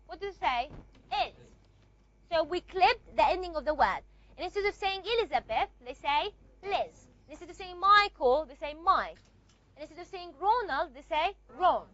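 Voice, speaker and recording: High-voiced woman teaching a lecture. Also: bright, forceful tone, dull audio. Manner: repeats and asks rhetorical checks, with frequent fillers. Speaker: linguistics teacher. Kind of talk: recorded classroom lecture.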